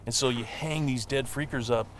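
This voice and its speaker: Guy rattling off a game demo walkthrough, medium pitch, bit of hiss behind. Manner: quick, explanatory, many fillers. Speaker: game developer.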